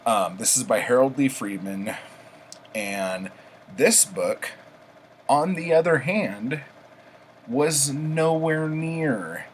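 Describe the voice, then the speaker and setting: A man's voice: mid-range voice, expressive, slow pace, long pauses, a little hiss or hum, rough recording. A man casually reviewing books he read this week, rambling with many ums and likes. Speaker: book reviewer, vlog host. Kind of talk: casual book review chat.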